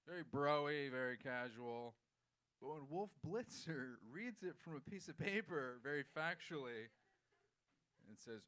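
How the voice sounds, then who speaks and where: A man's voice: mid-range voice, animated, normal speed, a bit bright. A man doing a loose, conversational stand-up set on a comedy club stage, acting out voices in his stories.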